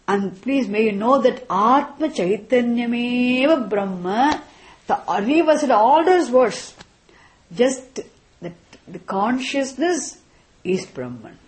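A woman teaching a class on scripture, speaking deliberately and often checking in with "isn't it?". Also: on the high side, lively intonation. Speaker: Vedanta teacher.

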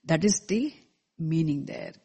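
A teacher explaining a scripture verse to a class in a measured way, repeating key terms and asking the listeners questions, with verses chanted slowly in between. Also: mid-range voice, lively intonation, warm tone, breathy edge. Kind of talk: scripture lecture.

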